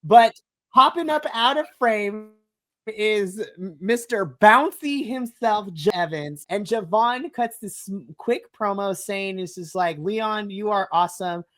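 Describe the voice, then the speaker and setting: Excitable woman gushing about wrestling. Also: mid-range voice, takes it slowly. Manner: excitable, gushing, acts out her own reactions. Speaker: podcast co-host. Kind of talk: casual wrestling review chat. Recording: online podcast conversation.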